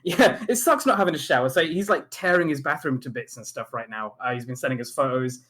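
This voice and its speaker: A man's voice: medium pitch, quick pace, a bit bright. A man from Leicester, hosting a podcast in casual, laid-back and self-deprecating chat. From Leicester, England. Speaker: podcast host.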